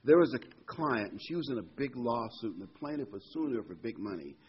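A man's voice: medium pitch, expressive, fairly quick, husky. A man preaching an informal Bible lesson in a conversational, digressive way, reading scripture aloud as he goes. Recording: dull lo-fi recording.

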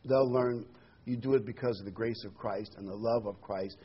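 A man's voice: lowish voice, steady tone, normal speed, breathy edge. A man preaching a sermon, earnest and emphatic, repeating key words with occasional ums. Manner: earnest, emphatic repetition with fillers. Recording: dull lo-fi recording.

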